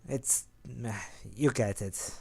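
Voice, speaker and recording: A man's voice: slow, gravelly, a little mellow, husky. A young man casually rambling through an explanation of his card game deck, correcting himself as he goes. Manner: rambling, self-correcting, low-key.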